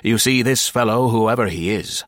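A broad-shouldered, gruff stranger with a deep voice and a wry, wary manner , as an audiobook narrator plays him. The reading is close and dry. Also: male voice, moderate pace, no echo, natural voice. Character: heavy-set, gruff, suspicious man with a gun.

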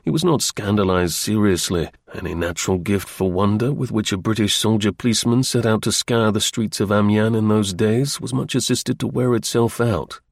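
A man narrating an audiobook in a measured, unhurried reading. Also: fairly low pitch, gravelly, dry recording, studio quality.

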